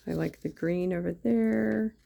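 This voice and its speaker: A woman's voice: lowish voice, unhurried, gravelly, warm tone. A woman chatting casually as she crafts on camera, thinking aloud with lots of fillers. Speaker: craft YouTuber. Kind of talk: casual craft-along chat.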